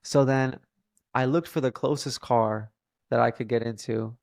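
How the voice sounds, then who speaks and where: A man's voice: medium pitch, steady tone, unhurried, darkish tone, no echo, studio quality. A young man telling a personal story in a casual, earnest way, often saying "like" as a filler. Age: young adult. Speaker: podcast guest.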